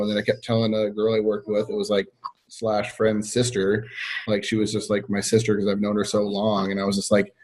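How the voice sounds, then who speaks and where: A man's voice: on the low side, completely flat delivery, a little fast, a little mellow. A young man telling a story as a podcast guest, easygoing and a bit shy. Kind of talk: casual storytelling.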